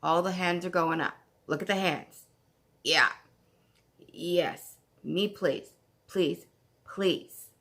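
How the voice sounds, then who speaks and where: A woman from Canada hosting a craft podcast at home, chatting casually in a gushing, excitable way. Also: on the low side, slow pace, pauses often. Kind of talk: casual chat.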